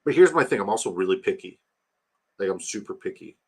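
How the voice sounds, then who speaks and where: A man's voice: lowish voice, animated, fairly quick, darkish tone, slightly rough. A man hosting a livestream, chatting loosely, swearing and talking straight to his chat. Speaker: livestream host. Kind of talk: casual chat.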